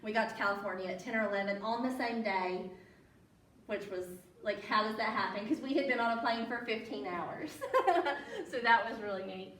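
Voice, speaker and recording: A woman with a Southern American accent talks casually to a library audience in a fairly high voice, laughing often and turning to quiz the room. Her voice sounds roomy and echoey. It was recorded from a distant mic. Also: moderate pace, a bit bright. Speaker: library guest speaker. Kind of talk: casual storytelling talk to an audience. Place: public library meeting room.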